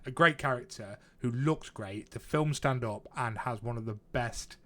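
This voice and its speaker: A man's voice: medium pitch, normal speed, fairly bright tone. A man co-hosting a casual podcast. He talks in a loose, chatty way, swears freely and laughs at his own stories. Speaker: podcast co-host. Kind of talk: casual chat.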